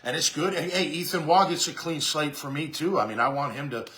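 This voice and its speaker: A man's voice: fairly high pitch, a little fast, pushed and bright. A man hosting a sports talk show, giving a casual, rambling monologue full of fillers and restarts. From Jacksonville area.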